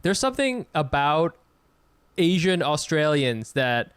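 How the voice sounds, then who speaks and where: A man co-hosting a podcast in casual chat, relaxed and quick to agree and jump in. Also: fairly high pitch, clear, resonant tone, no echo. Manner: relaxed, lots of short agreeing replies. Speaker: podcast co-host.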